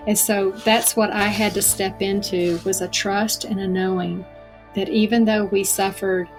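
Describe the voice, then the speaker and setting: A middle-aged woman, appearing as a podcast guest, offers a sincere and thoughtful personal testimony at a medium pitch. She slows down when she wants to stress a point.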